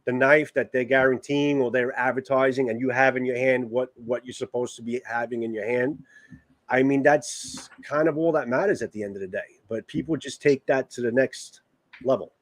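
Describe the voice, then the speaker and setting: A man with a New York accent co-hosting a casual livestream chat, animated and greeting viewers by name. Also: medium pitch, moderate pace, no echo. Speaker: co-host.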